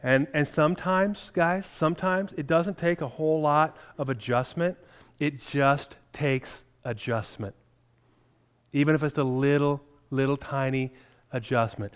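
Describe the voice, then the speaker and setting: A man's voice: medium pitch, clear, resonant tone. A middle-aged man preaching a sermon, telling a personal story in a self-deprecating way with chuckles. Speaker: pastor.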